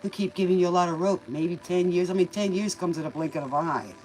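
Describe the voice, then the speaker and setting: A woman's voice: lowish voice, fast talker, a little mellow, slight background noise, low-quality recording. A woman hosting a tarot reading stream, giving folksy, preachy life advice in a casual manner and calling the listener baby. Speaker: tarot reader and livestream host.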